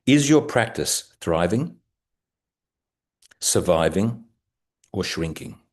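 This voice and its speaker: An older man with an Australian accent, slightly croaky, presenting a business webinar over a video call in a measured, deliberate way. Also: low-pitched, expressive. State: croaky from the early hour. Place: home at night.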